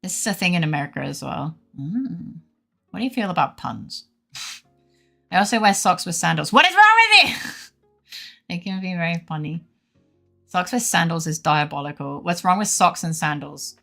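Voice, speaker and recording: A young woman with a low, gravelly voice chats loosely with her stream viewers, laughing and swearing as she goes. She sounds a bit feverish and worn, with faint music playing underneath. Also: normal speed, a bit bright. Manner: laughs often, swears casually. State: feverish, unwell. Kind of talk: casual chat with stream viewers.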